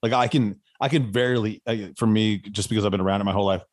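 A man's voice: on the low side, steady tone, fast, dry recording. Man with a dry, close-mic voice. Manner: swears freely, laughs often. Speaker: podcast host. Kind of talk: casual podcast chat. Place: Nashville.

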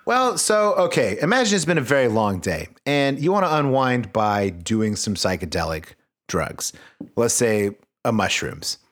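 Animated man hosting a comedic book podcast. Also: mid-range voice, unhurried. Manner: animated, joking, drops to mumbled asides. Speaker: podcast host. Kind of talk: comedic podcast reading aloud.

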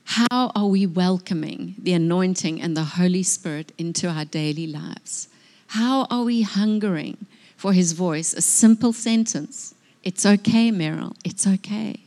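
A woman's voice: lowish voice, a little slow, a little mellow. A woman sharing a personal testimony in a sermon before a congregation, speaking earnestly and with emotion. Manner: earnest, emotional, tearful at moments. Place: church hall before a congregation.

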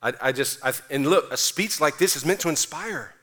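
A man pastor preaching a sermon, emphatic and energetic, mixing in casual slang. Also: a little high, normal speed, creaky.

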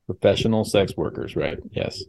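A man hosting a casual podcast chat, animated and quick to tease his guests. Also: low voice, vocal fry. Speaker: podcast host.

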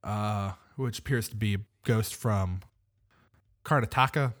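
A man's voice: fairly low pitch, unhurried. A man co-hosting a podcast in casual chat, rambling and hesitant, laughing often. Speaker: podcast co-host.

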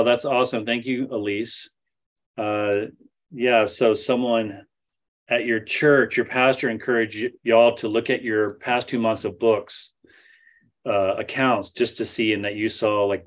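A man giving a talk, telling an anecdote and acting out the dialogue. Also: on the low side. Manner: animated storyteller acting out dialogue. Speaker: speaker at a study center. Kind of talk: storytelling talk with Q&A.

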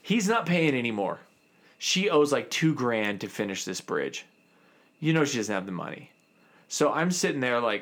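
A man with a voice of middle pitch tells a story from his dental school days in a relaxed, chatty way. He switches into the voices of the other people in the story and acts out their lines. He sounds like a man in his thirties. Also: a little fast. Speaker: dentist telling a story. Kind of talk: casual storytelling.

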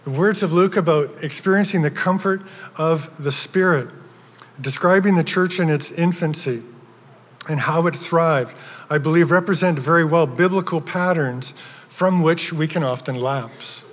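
A man's voice: a little high, normal speed. A man preaching a sermon as pastor, earnest, with frequent restarts and building emphasis. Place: church sanctuary. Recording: long hall reverb.

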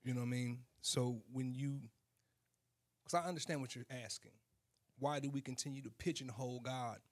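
A man's voice: mid-range voice, fairly even intonation, moderate pace. Thoughtful man asking probing questions. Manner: thoughtful, questioning, thinks aloud. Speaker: co-host. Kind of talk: casual faith discussion.

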